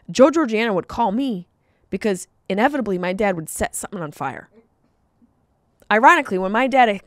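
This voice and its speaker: A woman hosting a podcast, telling stories in an animated comedic monologue with jokey asides. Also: medium pitch, no echo, clean studio sound.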